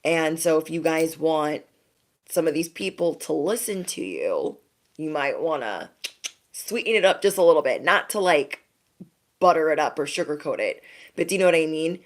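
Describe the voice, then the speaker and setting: A woman with a low-pitched voice reads tarot for her online audience. She speaks in a loose, conversational way, often pauses to ask "okay?", and laughs lightly now and then. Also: animated. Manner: chatty, reassuring, frequent "okay?" and laughs. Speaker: tarot reader. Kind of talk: casual tarot reading to viewers.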